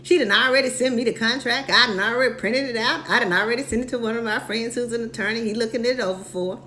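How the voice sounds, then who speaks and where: Lively woman telling a mentoring story. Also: on the high side, quick pace, a little hiss or hum. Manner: animated storytelling, repeats key points; acts out both sides of conversations. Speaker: real estate mentor. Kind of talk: motivational live-stream talk.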